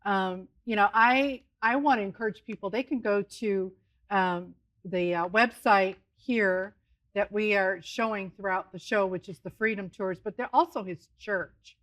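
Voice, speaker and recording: A woman hosting a TV interview, prompting her guest with gentle questions. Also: medium pitch, a little slow. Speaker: TV show host.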